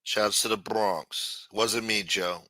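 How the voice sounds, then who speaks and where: A man's voice: on the low side, slow pace, dry recording, clean studio sound. Profane New man telling a story. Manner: profane, streetwise, animated. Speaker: livestream host. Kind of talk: casual storytelling.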